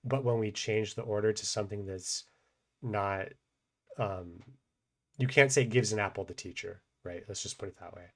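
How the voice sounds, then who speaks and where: Male teacher, low voice, casual think-aloud grammar explainer. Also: moderate pace. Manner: thinks aloud with many fillers and restarts. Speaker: language teacher.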